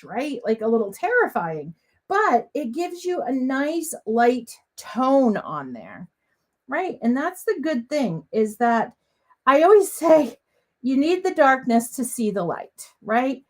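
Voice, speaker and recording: A middle-aged woman leads a live crafting demo from her home craft room. Her voice sits a bit high and swoops all over as she chats on, bubbly and sniffly with a slight cough. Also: big pitch swings, measured pace, darkish tone. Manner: chatty, bubbly and talkative. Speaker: papercraft demonstrator.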